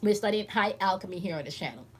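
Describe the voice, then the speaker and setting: A woman with a medium-pitched, slightly rough voice talks fast with lively intonation while hosting a casual spiritual teaching stream. She's emphatic, blunt and swears a lot, constantly checking in with her listeners as the channel's host and spiritual teacher.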